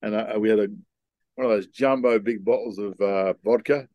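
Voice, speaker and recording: An older man being interviewed, telling long rambling stories in a relaxed, casual way. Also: fairly low pitch, normal speed, no echo, dull audio. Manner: laid-back rambling storyteller. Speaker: guest.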